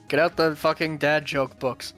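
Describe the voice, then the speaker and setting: A man chats on a game stream at a slow, unhurried pace. He hesitates often and fills pauses, and his humor stays dry and understated. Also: on the high side, little pitch movement, fairly bright tone, faint music behind. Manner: dry, hesitant, with filler words. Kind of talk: casual stream chat.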